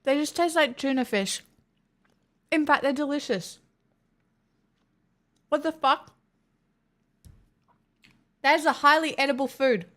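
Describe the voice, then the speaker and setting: Woman, Australian accent, high voice, slow easy delivery, chatty streamer talk. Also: fairly bright tone. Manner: chatty, narrating while tasting food. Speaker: livestream host. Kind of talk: casual live-stream chat.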